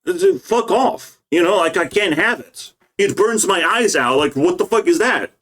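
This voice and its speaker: A young man delivers a heated, profanity-laced political rant, agitated and scornful as he reacts to what he is watching. His voice sits a little higher than most men's. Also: lively intonation, normal speed, a bit bright. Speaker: political commentator. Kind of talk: ranting reaction commentary.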